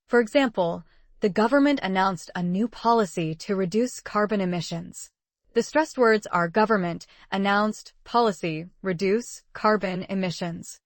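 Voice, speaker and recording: A woman narrating an English listening lesson in a clear, measured teaching manner. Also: mid-range voice, no room sound, clean studio sound.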